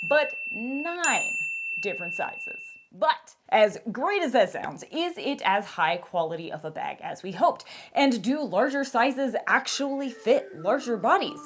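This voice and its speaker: A woman's voice: sits high, big pitch swings, measured pace, slight background noise. A woman narrating a scripted outdoor gear review in a candid, wry, emphatic way.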